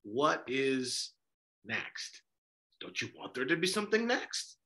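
A man's voice: mid-range voice, big pitch swings, takes it slowly, sharp tone. A man who is a priest, hosting a podcast discussion and speaking with passion through many rhetorical questions. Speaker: Orthodox priest and podcast host.

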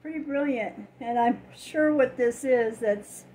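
A woman's voice: a little high, a little slow, dark tone, a little hiss or hum, poor audio. An older woman casually chatting at home as a vlogger, telling stories and laughing often. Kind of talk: casual chat.

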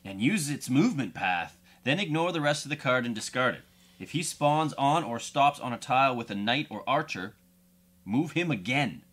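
A man at a casual board game session, counting spaces and reading the rules aloud. His voice is bright and lively, with wide swings in pitch. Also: moderate pace. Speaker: player and channel host.

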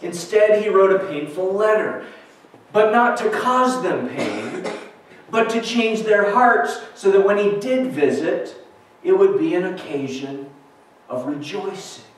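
A pastor with a high-pitched, animated voice preaches a sermon at a measured pace, earnest and questioning, pausing between points to read scripture aloud. The recording, made from far off in a church sanctuary, is echoey.

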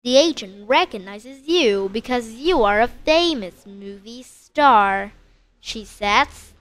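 A woman teacher narrating a simple story slowly and clearly for English learners. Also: fairly high pitch. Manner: slow, clear, expressive storytelling.

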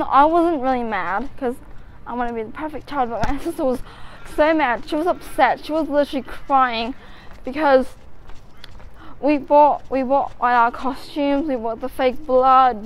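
Rambling teen girl, high voice. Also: slight background noise, low-quality recording. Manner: rambling, swearing, restless. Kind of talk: casual storytelling vlog.

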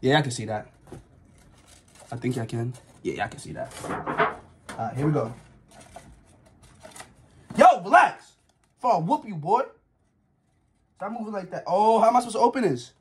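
A man's voice: mid-range voice, big pitch swings, brisk, pauses often, noisy background. A nervous young man vlogging casually, insisting he isn't scared and yelping now and then. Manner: jittery, keeps insisting he isn't scared, yelps.

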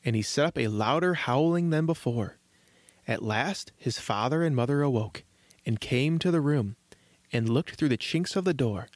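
A man reads a fairy tale aloud as host of a children's story show, measured and gentle. His voice sits at an ordinary pitch. The recording is close and dry. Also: animated, dry recording. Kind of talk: scripted storybook narration.

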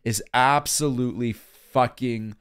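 A man's voice: medium pitch, unhurried, fairly bright tone, clear, resonant tone. A man hosting a music video reaction, gushing and emotional, exclaiming and singing along, with faint music behind him.

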